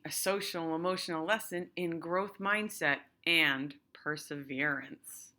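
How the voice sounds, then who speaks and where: An elementary school teacher in her thirties talks to her class in an upbeat, encouraging way. Her bright voice is animated and friendly, moving easily between explaining and storybook reading. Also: sits low, unhurried.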